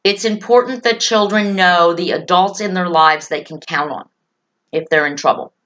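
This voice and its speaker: A woman's voice: fairly low pitch, normal speed, a bit bright, highs cut off. A woman hosting a talk show, speaking earnestly and emphatically to parents and children, repeating key phrases to reassure them. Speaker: host.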